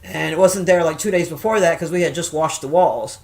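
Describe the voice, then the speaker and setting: A middle-aged woman chatting casually and telling stories, swearing often and jumping loud when she acts out quoted voices. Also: deep voice, a little fast. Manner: profane, animated, acts out quoted voices loudly. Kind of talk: casual storytelling chat.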